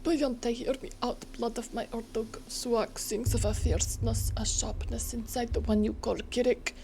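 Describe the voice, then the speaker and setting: Solemn herb-woman from a game, read by a woman streamer: formal, hushed, raised pitch. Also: level tone, normal speed, over music, lightly acted. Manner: solemn, formal, half-whispered. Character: solemn young steppe herb-woman in a torn dress. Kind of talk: reading game dialogue aloud.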